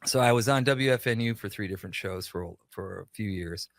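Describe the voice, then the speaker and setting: A man's voice: fairly low pitch, a little fast, gravelly, dry recording. A man from Minnesota, a radio show creator and guest, telling anecdotes casually in a studio and acting out the dialogue. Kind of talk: casual storytelling.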